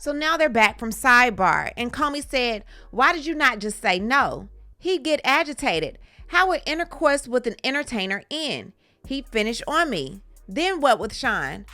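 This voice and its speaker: Woman host reading out trial testimony fast, tossing in quick asides, crisp bright voice. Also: high voice, very animated, no echo. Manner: brisk read-through with short reaction asides. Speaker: commentary channel host. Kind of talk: reading court testimony aloud.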